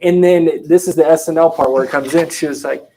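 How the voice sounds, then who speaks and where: A man's voice: fairly high pitch, brisk, low-quality recording. A man co-hosting a casual sales talk show, telling stories animatedly and acting out the quotes. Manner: animated storyteller, acts out quotes. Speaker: podcast co-host.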